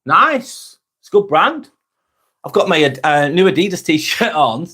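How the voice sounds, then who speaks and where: A man's voice: fairly high pitch, sing-song, a little slow, bright, forceful tone, breathy edge. An English man, middle-aged, hosting a live vlog, chatting casually with viewers, rambling and repeating himself and swearing freely. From England. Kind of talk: casual live-stream chat.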